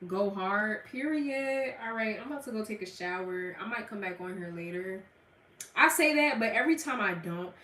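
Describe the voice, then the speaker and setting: A woman's voice: medium pitch, expressive, moderate pace, sharp tone. Slangy young Southern woman in an echoey room. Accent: Southern American. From US Gulf Coast. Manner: blunt, laughing, slangy, talks to chat. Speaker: livestreamer. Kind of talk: casual livestream chat. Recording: echoey room, mic at a distance.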